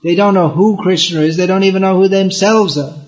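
Earnest male preacher, fairly high voice, restarts his phrases; lo-fi lecture tape. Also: steady tone, brisk. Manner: earnest, repeats words while explaining; chants verses in Bengali. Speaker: spiritual teacher. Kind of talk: devotional lecture.

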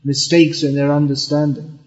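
Earnest male preacher, fairly high voice, restarts his phrases; lo-fi lecture tape. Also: level tone, moderate pace. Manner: earnest, repeats words while explaining; chants verses in Bengali. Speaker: spiritual teacher. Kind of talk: devotional lecture.

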